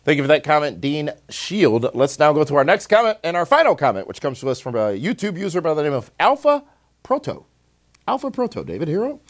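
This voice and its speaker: A man hosting a wrestling talk show, reading viewer comments in a steady, wry manner. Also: fairly high pitch, brisk. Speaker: host.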